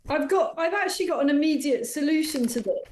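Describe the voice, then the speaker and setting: A woman's voice: sits high, lively intonation, a little mellow, slight background noise. Assertive woman, echoey studio sound. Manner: articulate, assertive, measured. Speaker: radio guest commentator. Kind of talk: political commentary on talk radio.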